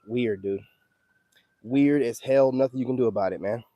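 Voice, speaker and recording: Dark-voiced man ranting on a livestream. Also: mid-range voice, moderate pace, no room sound. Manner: loose, emphatic, keeps asking "you know what I'm saying". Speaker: livestream host. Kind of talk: casual livestream chat.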